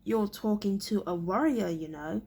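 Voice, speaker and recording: A woman reading aloud, voicing a boastful, bullying teenage boy who is training as a warrior, in a louder, sneering tone. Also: mid-range voice, moderate pace, slightly rough. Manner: sneering, louder than the narration.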